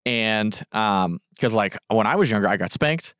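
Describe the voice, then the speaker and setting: A man's voice: on the low side, expressive, normal speed, a bit bright, clear, resonant tone, no echo, studio quality. A man in his thirties co-hosting a podcast, chatty and casual, full of fillers and asides. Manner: chatty, frequent "like" and "right?". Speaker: podcast co-host.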